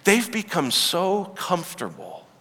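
A man preaching a sermon, retelling a story in a lively, joking way, with asides to the listeners. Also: high voice, a little slow, long reverb tail. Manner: animated storytelling with asides and humor. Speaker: pastor.

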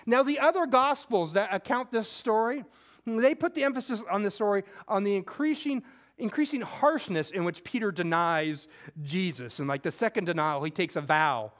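A man preaching a conversational sermon, acting out scripture quotes and moving between loud emphasis and hushed, intimate moments. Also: high-pitched, animated, normal speed. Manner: conversational, with casual slang.

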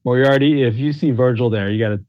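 A man's voice: medium pitch, fast talker, dull audio. A man hosting a podcast in casual chat, laid-back, chuckling and using many fillers. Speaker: podcast host.

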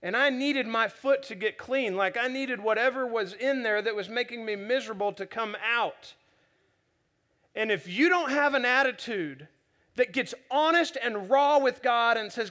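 A young man preaching in a chatty, animated way, often repeating words as he restarts sentences. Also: very high-pitched, normal speed. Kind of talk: storytelling sermon.

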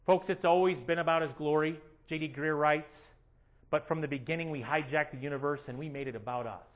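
High-voiced man preaching a sermon. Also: fairly quick, dull audio. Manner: animated preaching, acting out prayers in a raised voice. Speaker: pastor. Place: church sanctuary.

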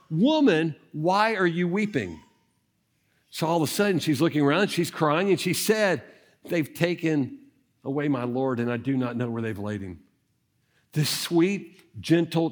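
Male pastor, animated sermon delivery, lively swoops in pitch, slightly high voice. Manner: animated storytelling, acting out Bible scenes. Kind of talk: Easter sermon.

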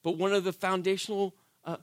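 A man preaching a sermon in church, conversational and animated, often asking the congregation "right?" and swinging from shouted emphasis to soft, intimate delivery. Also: high voice, brisk, dry recording, studio quality. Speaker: pastor.

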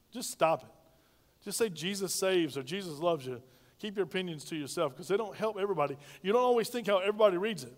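A man's voice: high voice, long reverb tail. A male pastor preaching a sermon, calling on the congregation to repeat lines after him. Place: church sanctuary.

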